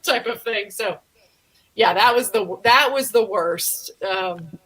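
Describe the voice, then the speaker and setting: A woman comedian, telling stories in an interview with lively laughter. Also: medium pitch, slow, slightly rough, rough recording. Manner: animated, laughing while she tells stories. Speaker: comedian, guest. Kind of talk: interview storytelling.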